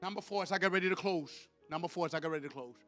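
High, bright-voiced man preaching fervently. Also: rapid-fire. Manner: swings from quiet to shouted, emphatic repetition. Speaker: evangelist. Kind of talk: fiery sermon with call-and-response. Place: church sanctuary. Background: faint music from the musicians.

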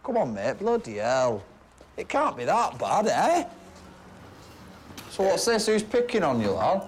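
A man's voice: high-pitched, sing-song, a little slow, slightly rough, heavily acted. A young man, coaxing and matey, swearing casually in a film scene. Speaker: friendly gang leader. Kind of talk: film drama acting.

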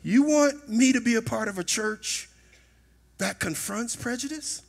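A middle-aged man preaching a sermon in a church, telling a personal story and rising to shouts at its peaks. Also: extremely high pitch, unhurried, creaky. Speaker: pastor. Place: church sanctuary.

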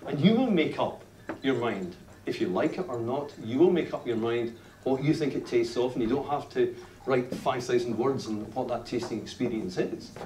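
At an indoor tasting venue, a Scottish whisky writer from Glasgow, in his fifties, entertains a live audience with stories, repeatedly saying "you know" and restarting often. He has a mid-range voice and a normal speaking speed. A distant camera in the audience recorded it, so the audio is roomy with slight noise.

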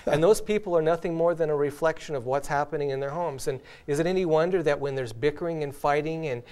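A man's voice: a little high, quick pace, darkish tone, clear, resonant tone. Earnest male host telling illustrations. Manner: earnest storyteller, tells illustrations with light laughs. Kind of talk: casual spiritual discussion.

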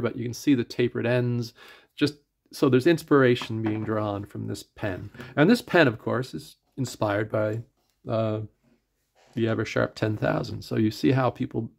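A man's voice: mid-range voice, vocal fry. A middle-aged man with an Atlantic Canadian accent, reviewing a pen in a casual, rambling way full of fillers and restarts, sometimes drifting from the mic.

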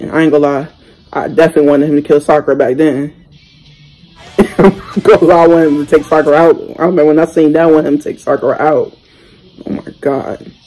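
A young man hosting a reaction video, talking casually and excitedly in slang, exclaiming and chatting as he watches. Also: a little high, rough recording. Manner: exclamatory, slangy, keeps saying "bro".

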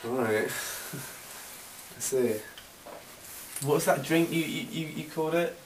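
A man's voice: fairly high pitch, slow. A bemused man stammers and trips over his words as a puzzled customer. His voice comes from a distant camera in a roomy space. Faint hiss sits under the audio. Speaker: bar customer in a sketch. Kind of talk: amateur comedy sketch acting.

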